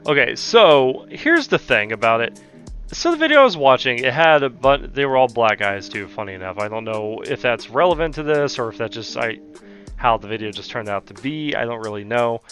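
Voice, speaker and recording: A man's voice: fairly low pitch, a bit bright. A young man from the American South, hosting a profane, heated commentary rant. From Southern United States. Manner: heated, exasperated, heavy swearing. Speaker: commentary channel host.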